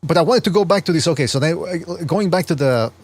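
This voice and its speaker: A podcast host with a fairly high voice talks fast and with animation on a casual sports show. He explains his points earnestly and often restarts his words mid-sentence.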